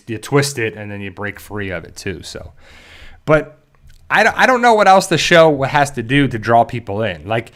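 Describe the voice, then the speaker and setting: A man from South Jersey in the US hosts a casual fan discussion on his channel. His voice sits at a middle pitch, and he rambles through fillers and restarts as he talks straight to his viewers. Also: a bit bright. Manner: addresses viewers directly. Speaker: YouTube show host.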